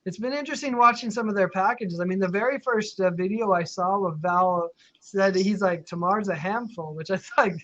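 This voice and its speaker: A man's voice: high voice, fairly quick, fairly bright tone, no room sound, dull audio. A man hosting a casual live video chat, reading out viewer questions, talking chattily with frequent laughs and fillers. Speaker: live stream host. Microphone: video call.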